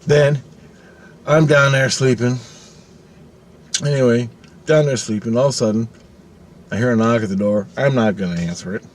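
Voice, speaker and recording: Speaking in a mid-range voice at normal speed, this middle-aged man leaves long pauses as he casually recounts something that happened to him. There's slight hiss or hum on the recording, and his delivery is profane and lively, with quoted voices performed out loud.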